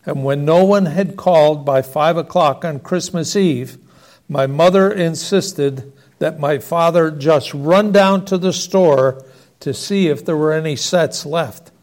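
High-voiced man reading a story. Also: unhurried, darkish tone.

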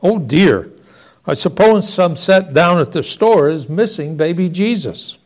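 A man's voice: sits high, expressive, measured pace, a little mellow. A man voicing a flustered, fussy mother who gives instructions, in a storytelling reading. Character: worried flustered mother, middle-aged.

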